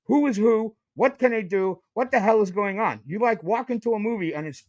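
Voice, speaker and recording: A man guesting on a casual commentary podcast, blunt and emphatic with plenty of swearing. His voice is high for a man. The sound is dry and close. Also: fairly quick, darkish tone, no echo, lo-fi sound.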